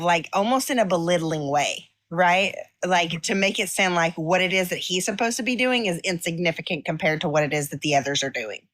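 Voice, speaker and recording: Halting woman leading a Bible study. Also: lowish voice, fairly bright tone. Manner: halting, many restarts and fillers. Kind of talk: casual Bible study discussion. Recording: dry, cleaned-up audio.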